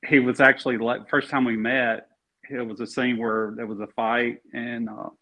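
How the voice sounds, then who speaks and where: Bright and forceful, the mid-range voice of an Alabama actor barely moves in pitch as he talks at a moderate pace. Relaxed and rambling in a casual interview, he piles on fillers and restarts. Sound quality is dull and lo-fi.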